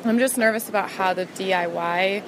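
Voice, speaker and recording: A woman's voice: mid-range voice, moderate pace, background noise. A woman calling in to a podcast with a friendly, chatty, upbeat message. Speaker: podcast listener caller. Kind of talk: recorded voice message.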